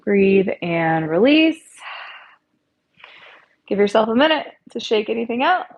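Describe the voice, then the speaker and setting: Gentle woman guiding a yoga class. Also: mid-range voice, measured pace, muffled recording. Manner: gentle, calm cueing with soft encouragement. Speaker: yoga instructor. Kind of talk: guided yoga class instruction. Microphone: earpiece mic.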